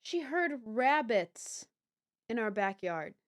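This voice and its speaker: Young woman streamer, high and lively voice, unhurried, bubbly chatter with squealy hellos. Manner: bubbly, swings from mumbling to squealing greetings. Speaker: livestreamer. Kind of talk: casual live stream chat.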